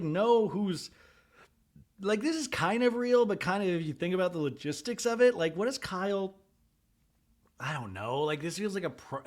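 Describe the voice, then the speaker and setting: Animated man recapping with jokey asides. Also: sits high. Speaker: podcast host. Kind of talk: comedic reality-show recap.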